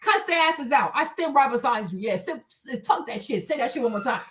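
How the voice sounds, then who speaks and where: A woman with a high, bright-toned voice rants. Her unscripted commentary is heated, profane and emphatic. She hammers her points home by repeating them. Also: lively intonation, a little fast. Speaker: livestream host.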